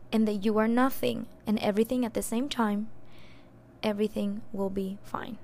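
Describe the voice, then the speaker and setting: A young adult woman hosting a podcast, candidly telling a personal story in a casual, expressive way and cursing now and then. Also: fairly high pitch, gravelly. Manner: candid and expressive, swears and laughs at herself. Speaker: podcast host.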